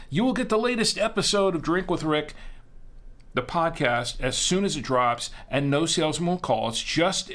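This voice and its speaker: A man's voice: fairly high pitch, a bit bright. Chatty man hosting a live stream. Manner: chatty, rambling, self-correcting. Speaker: host. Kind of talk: casual live-stream talk.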